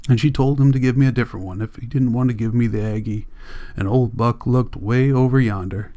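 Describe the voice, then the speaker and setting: A man reading a novel aloud as an audiobook, in a soft, subdued first-person diary voice. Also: mid-range voice, steady tone, fairly quick. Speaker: audiobook reader.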